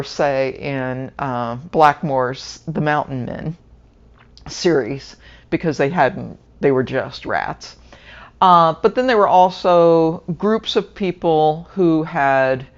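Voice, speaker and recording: Low-voiced, unhurried woman reviewing books. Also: highs cut off. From Southern Arkansas, US. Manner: meandering, pauses with fillers to recall details. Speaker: book reviewer. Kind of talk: casual book review monologue.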